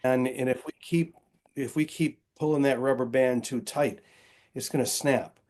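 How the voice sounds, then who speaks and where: A man speaking as a podcast guest in an earnest, reflective tone, with a mid-range pitch. He often restarts his phrases mid-thought as he explains things. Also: steady tone, normal speed, darkish tone. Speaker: guest, author and Episcopal priest. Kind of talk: casual interview conversation.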